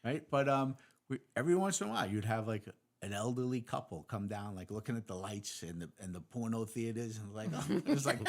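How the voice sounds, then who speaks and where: A man, a host and former police officer, telling chuckling anecdotes in a relaxed interview. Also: fairly low pitch, fairly quick. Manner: relaxed storyteller, chuckles through his anecdotes. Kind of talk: casual interview chat.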